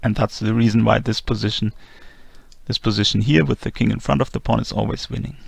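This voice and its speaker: Male chess instructor, heavy vocal fry, dry close-mic read, methodical delivery. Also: on the low side, a little fast, dry recording. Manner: methodical, calm move-by-move explanation. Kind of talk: explanatory chess lesson narration.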